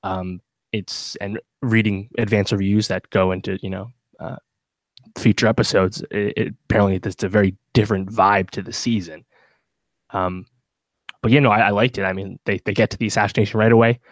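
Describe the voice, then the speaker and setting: Low-voiced rambling podcast co-host, dry sound. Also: male voice, steady tone, brisk, dry recording. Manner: rambling, many fillers and restarts. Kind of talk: casual chat.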